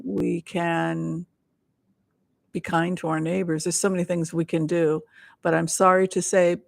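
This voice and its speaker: A woman's voice: on the low side, creaky. A woman hosting a casual tarot reading livestream, earnest and at times dropping to near whispers. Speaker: psychic livestream host.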